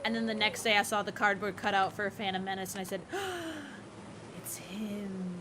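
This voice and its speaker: A woman's voice: mid-range voice, level tone, quick pace, noisy background. A woman in her thirties streaming a game, chatting casually and rambling playfully. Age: 30s. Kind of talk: casual livestream chat.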